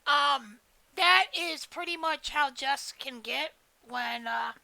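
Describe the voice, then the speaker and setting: High, slow-talking woman game streamer. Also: gravelly, sharp tone, dry recording, rough recording. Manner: rambling, profane, joking. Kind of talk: casual live-stream chat while gaming.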